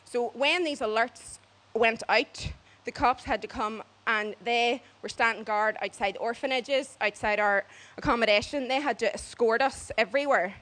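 Lively woman telling a story. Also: a little high, moderate pace. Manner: lively, acts out other people's voices, laughs as she talks. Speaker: storyteller on a church mission trip. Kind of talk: casual spoken storytelling.

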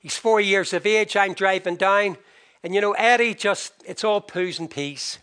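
An older man preaching a sermon with passion, slowing for emphasis and swinging between loud and soft. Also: sits high.

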